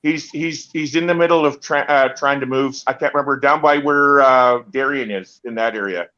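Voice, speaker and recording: A man, a travel agent, explaining things quickly in casual chat over a phone. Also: medium pitch, pushed and bright. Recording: dull phone audio.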